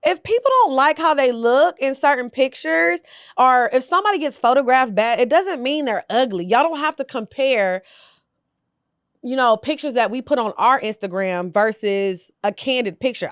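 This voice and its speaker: A woman's voice: high-pitched, lively intonation, normal speed, clear, resonant tone, dry recording, clean studio sound. A young woman hosting a podcast, giving sassy, blunt commentary straight to her viewers. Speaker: podcast host. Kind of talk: casual commentary.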